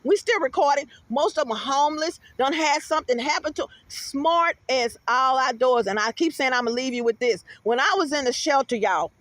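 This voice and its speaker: A middle-aged woman, speaking in a high voice and telling stories with lively, animated energy. She talks casually to her guest and to the viewers, and her voice is recorded close and dry, with no room echo. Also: moderate pace, few pauses. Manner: animated storytelling, addresses viewers as y'all. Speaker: host. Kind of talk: casual interview chat.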